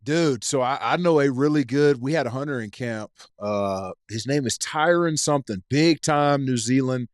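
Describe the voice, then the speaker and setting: A man's voice: mid-range voice, moderate pace, hardly any pauses, no room sound, studio quality. A man from East Tennessee, a podcast guest telling stories in casual chat and swearing freely. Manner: profane, animated storyteller.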